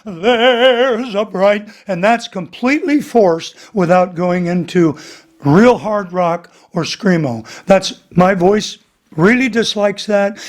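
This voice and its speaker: Older male vocal coach, high speaking voice, worn tone, animated, demonstrates by singing. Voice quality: voice he says is damaged. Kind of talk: casual teaching interview with sung examples.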